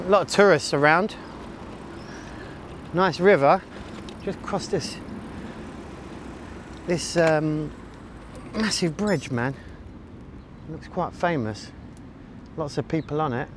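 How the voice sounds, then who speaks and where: Slow and fairly high-pitched, pausing often, this man narrates a relaxed vlog from his bicycle as he rides country roads and city streets. He wanders through jokey, self-mocking talk about his ride and route, often speaking to himself, while faint traffic and outdoor noise play underneath.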